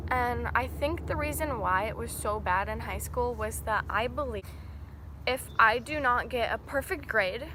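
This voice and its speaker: A woman's voice: fairly high pitch, noisy background. A young adult woman telling a personal story in an earnest, rambling, emotional way, straight to camera. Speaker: vlogger.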